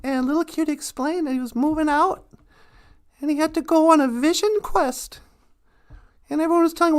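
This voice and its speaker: A woman's voice: high voice, brisk, long pauses. A woman telling a folksy animal tale on a live stream, chuckling now and then. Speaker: storyteller.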